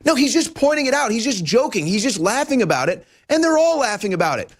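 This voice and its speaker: A man hosting a studio talk show, delivering an animated political commentary monologue with emphatic rhetorical questions. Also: extremely high pitch, fast. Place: broadcast studio.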